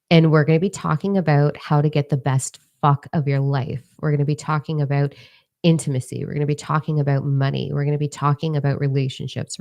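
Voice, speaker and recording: A woman mentor talking casually to her followers in a livestream, blunt, profane and energetic. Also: rumbling low. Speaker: mentor and social media creator.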